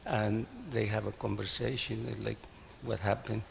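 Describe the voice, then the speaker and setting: A man's voice: lowish voice, steady tone, unhurried, vocal fry, in a large hall, a little hiss or hum. A man in a class telling an anecdote, acting out the quoted dialogue as he goes. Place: temple hall.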